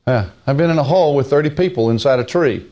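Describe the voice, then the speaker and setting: With lively intonation, a man preaches a folksy Bible-teaching sermon. He draws key phrases out slowly and moves from raised, high stresses to hushed, low asides.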